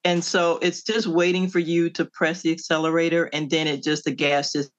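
A middle-aged woman from the Midwestern United States, an author answering interview questions in an animated storytelling way, laughing often. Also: deep voice, normal speed. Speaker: author guest. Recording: dull lo-fi audio.

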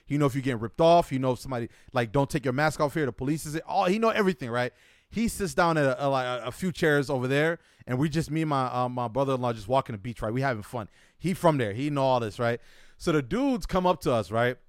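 An American man telling a story in a casual chat, animated and acting out what people said. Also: medium pitch, no room sound, clean studio sound. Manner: animated, acts out quotes, fast with frequent "right?". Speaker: storyteller guest.

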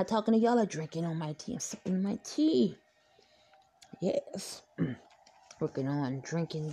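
A woman's voice: sits low, a little mellow, slightly rough. A woman hosting a podcast, talking straight to her listeners in a blunt, outspoken, rambling way. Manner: blunt, outspoken, swears freely. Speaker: podcast host. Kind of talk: casual podcast monologue.

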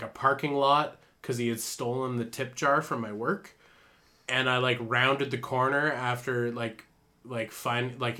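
A man's voice: mid-range voice, bright, forceful tone. A young man hosting a podcast in casual chat, telling rambling stories with frequent laughs and fillers. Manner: laughs often, loose storytelling with many fillers. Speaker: podcast host.

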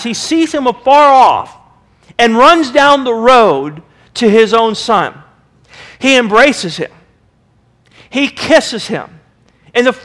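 High-voiced impassioned male pastor. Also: a bit bright. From United States. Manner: impassioned preaching, acting out quoted voices. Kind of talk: sermon.

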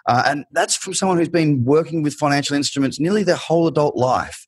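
A man's voice: on the high side, fast talker, husky, no room sound. A man hosting an interview, talking animatedly and acting out the people he quotes. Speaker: podcast host. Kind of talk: conversational interview.

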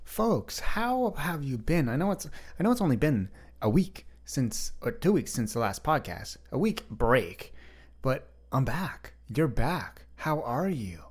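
A man's voice: medium pitch, big pitch swings, a little slow, husky. A young man hosting a solo podcast, chatting freely and rambling straight to his listeners. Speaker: podcast host. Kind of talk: unscripted solo podcast chat.

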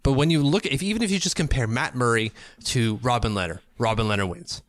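A man's voice: medium pitch, quick pace, no room sound, studio quality. A man co-hosting a hockey podcast in casual sports chat, rambling and joking as he goes. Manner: rambling, joking, restarts words.

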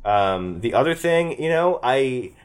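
A man's voice: medium pitch, big pitch swings, measured pace, clean tone. A man who ran a tabletop game, talking it over casually and rambling with many fillers and restarts. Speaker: game master. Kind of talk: casual post-game chat.

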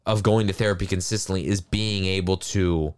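A man's voice: low-pitched, fairly even intonation, brisk, clear, resonant tone. A man co-hosting a podcast, talking in a chatty, reflective way and musing aloud on feelings. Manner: chatty and reflective, lots of "like" fillers. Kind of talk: casual podcast conversation.

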